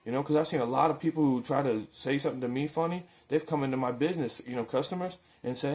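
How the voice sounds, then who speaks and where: A man's voice: medium pitch, quick pace, hardly any pauses, darkish tone. A man talking earnestly and informally in a daily faith video, preaching in a loose, conversational way and often repeating words as he restarts his thoughts. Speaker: religious video maker. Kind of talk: casual spoken preaching.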